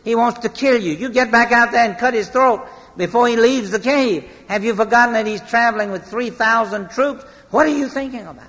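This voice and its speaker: A man's voice: extremely high pitch, fairly quick, hardly any pauses, a bit bright, pitched above the performer's own voice. Exasperated ancient soldier voiced by a male preacher, urgent and disbelieving, long hall echo. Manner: urgent, incredulous pleading.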